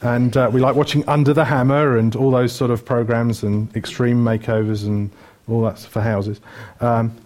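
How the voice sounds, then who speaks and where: With a medium-pitched, slightly mellow voice, this middle-aged man from Wales delivers a sermon that's chatty and full of jokes. He runs through lists, peppering them with many ums.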